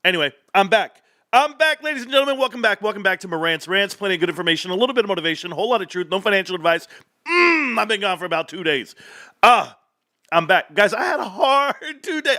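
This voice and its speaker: Casting: male stream host in his thirties, high bright voice, rambling and animated, laughs a lot. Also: a little fast. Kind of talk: casual livestream rant.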